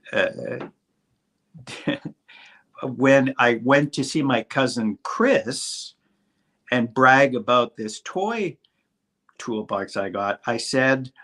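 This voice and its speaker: Slow, hesitant French Canadian man. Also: on the low side, a bit bright. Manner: halting, many fillers and restarts. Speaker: guest. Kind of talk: casual interview storytelling. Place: video call.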